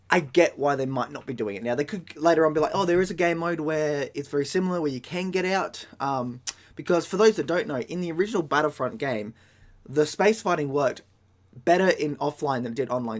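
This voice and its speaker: Excitable Australian man rambling about games. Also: mid-range voice. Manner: excitable, rambling, corrects himself mid-sentence. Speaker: gaming video host. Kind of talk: casual gaming commentary.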